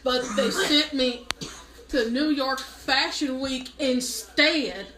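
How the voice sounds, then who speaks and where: Speaking slowly in a high-pitched voice, a comedic storyteller performs a mock-dramatic monologue about her pampered woes. She plays the self-pity totally deadpan, exaggerating without cracking. Background noise and a roomy echo fill the recording.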